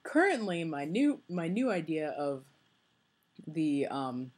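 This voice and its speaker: A woman's voice: sits low, very animated, takes it slowly, a little mellow, breathy edge. A young woman talking casually into her camera, rambling with lots of fillers and restarts, dreamy and amused. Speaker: vlogger. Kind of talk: casual vlog chat.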